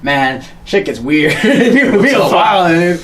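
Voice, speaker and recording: A man's voice: sits high, a little slow. A man co-hosting a podcast in casual, slangy chat, acting out little voices and laughing as he tells stories. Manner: animated, slangy, acts out voices and laughs often. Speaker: podcast co-host.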